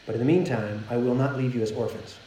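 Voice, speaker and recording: A man preaching a sermon in a conversational style, growing animated when he retells scenes. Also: mid-range voice, fast, slight background noise. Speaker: pastor. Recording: roomy echo.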